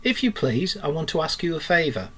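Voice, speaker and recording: Teacher-read gentle, cautious male mole for a storybook; keep it raised and mild. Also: a little high, very animated, brisk, breathy edge, exaggerated voice. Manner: gentle, careful, soothing. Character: timid polite young male mole. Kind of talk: storybook reading.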